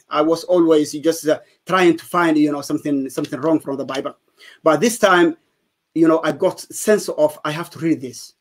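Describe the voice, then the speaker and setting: A man from Somalia telling his conversion testimony in an interview, speaking in halting English with many fillers and restarts. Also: fairly high pitch. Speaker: guest giving testimony.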